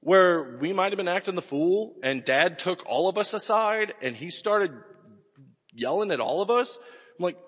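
A man in his forties preaching a sermon, telling stories with animated swings and sudden shouts. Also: high voice, moderate pace, slightly rough. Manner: animated storytelling, bursts into shouts. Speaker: pastor. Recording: echoey hall with long reverb.

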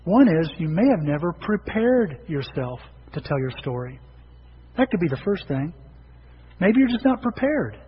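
A man's voice: fairly high pitch, big pitch swings, normal speed, slightly rough. A middle-aged man preaching a sermon to his church in a conversational storytelling way, acting out the people he quotes. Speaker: pastor. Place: church sanctuary. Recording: dull reverberant hall recording with faint noise.

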